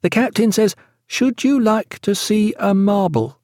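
A man's voice: sits high, a little slow, darkish tone, dry recording, studio quality, voice pushed up. A man voicing a pert young girl who speaks in quaint, old-fashioned English in an audiobook.

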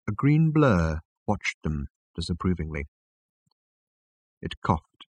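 A man narrating a storybook chapter in a slow, measured, dramatic reading. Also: low-pitched, expressive, breathy edge, dry recording. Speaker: audiobook narrator. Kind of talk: scripted narration.

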